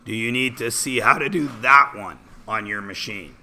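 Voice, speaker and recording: In a classroom algebra review, a male teacher with a mid-range, sharp-toned voice speaks at a moderate pace. He guides students through problems step by step, asking them questions throughout.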